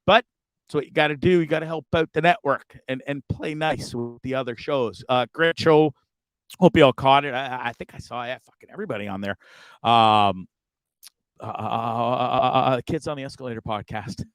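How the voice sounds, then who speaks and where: A man's voice: medium pitch, normal speed, clear, resonant tone, no room sound, studio quality. Frustrated rambling male live-stream host. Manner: rambling, frustrated, swears a lot, stumbles over words. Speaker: livestream show host. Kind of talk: casual live-stream chat. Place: campground, streaming over weak shared Wi-Fi.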